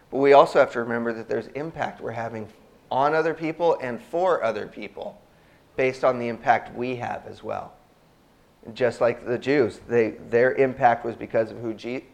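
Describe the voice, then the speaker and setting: A man's voice: medium pitch, vocal fry. Male preacher, mid-range voice, casual sermon delivery, questions the congregation. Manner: conversational, asks the congregation questions. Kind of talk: sermon with scripture reading.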